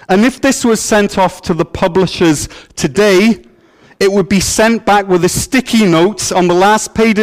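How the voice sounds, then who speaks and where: A man with a high voice preaches a sermon as pastor. He takes his time over each phrase and keeps his tone playful and joking as he tells the story. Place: church.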